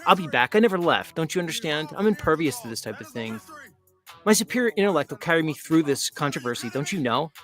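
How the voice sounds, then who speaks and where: A man's voice: on the high side, very animated, fast, fairly bright tone, soft background music. A man doing an impression of a smug, self-important man who keeps asking "don't you know".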